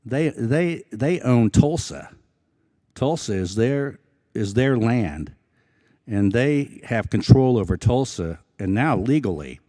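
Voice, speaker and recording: An Osage man from Oklahoma, a film actor speaking as an event guest, telling stories in a halting, earnest way with many restarts. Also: medium pitch, expressive, warm tone, no echo, clean studio sound. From Osage Nation, Oklahoma. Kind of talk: casual storytelling talk. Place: public evening event.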